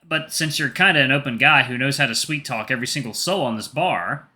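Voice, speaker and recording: A man's voice: medium pitch, a little fast, bright, forceful tone. A man playing a bashful joking young guy. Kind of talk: visual novel read aloud.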